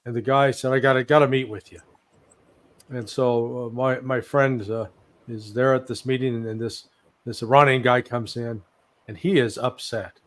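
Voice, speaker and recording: A man's voice: mid-range voice, fairly even intonation, moderate pace. An older man in his sixties, a guest analyst giving blunt, sarcastic commentary in a live interview, telling stories with animation.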